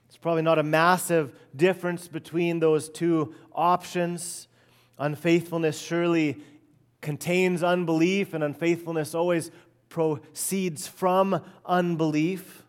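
A middle-aged man preaching an expository sermon, earnest and emphatic, often letting phrases fall soft and low at the end. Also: fairly even intonation, unhurried. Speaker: pastor.

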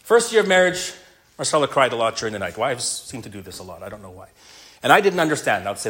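A man's voice: mid-range voice, big pitch swings, quick pace, fairly bright tone, husky. A middle-aged male pastor delivering a sermon to men, earnest and mixing in a humorous personal story.

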